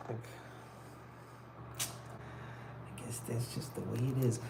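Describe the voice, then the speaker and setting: A relaxed man livestreams from his phone while he works, talking loosely and circling back on himself with plenty of "like" and "kinda crazy." His voice sits at an ordinary middle pitch, with a soft hum of background noise underneath. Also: a little slow, creaky, pauses often. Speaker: livestreaming artist. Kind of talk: casual live-stream chat while working.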